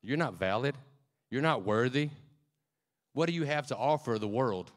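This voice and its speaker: A preacher voicing a deceiving enemy that taunts him with questions, in a mocking tone. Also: male voice, medium pitch, lively intonation, moderate pace, close to an everyday voice. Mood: taunting.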